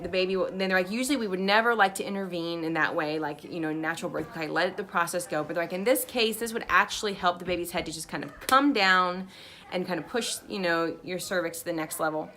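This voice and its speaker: Young woman vlogging, telling her story, bright voice, lots of "like". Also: on the low side. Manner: chatty, animated quoting of others, frequent "like". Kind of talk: casual storytelling.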